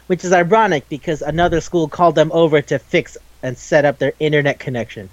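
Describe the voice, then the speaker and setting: A young man co-hosting a podcast recaps an anime episode in a casual way, his voice a little high as he talks fast with hardly any pauses. He's animated, swears a lot, and acts out the characters' lines.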